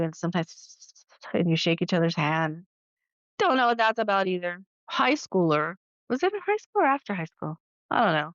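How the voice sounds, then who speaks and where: A woman's voice: lowish voice, a little fast, no echo. Chatty woman podcast host, dull dry sound. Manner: chatty, animated, acts out quoted voices. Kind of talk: casual storytelling monologue.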